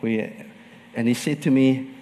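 A man's voice: medium pitch, fairly even intonation, a little slow, mellow, long reverb tail. A man preaching a sermon as pastor, telling personal stories and laughing often.

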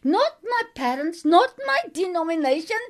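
Guest, woman, middle-aged, South African accent, very high pitch, earnest testimony. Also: sing-song, normal speed. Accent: South African, Afrikaans-tinged. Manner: earnest, repetitive, emphatic. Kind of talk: faith testimony chat.

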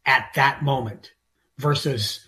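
A man's voice: mid-range voice, takes it slowly, bright, forceful tone. A middle-aged man co-hosting a sports talk show, ranting emphatically and often repeating himself. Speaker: sports radio co-host.

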